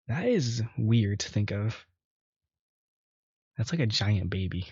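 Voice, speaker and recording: Low-voiced male let's player, casual and profane, dull lo-fi mic. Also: animated, slow, long pauses, husky, dry recording. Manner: casual, swears, reacts with laughter. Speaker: let's play host. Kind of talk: casual game commentary and reading aloud.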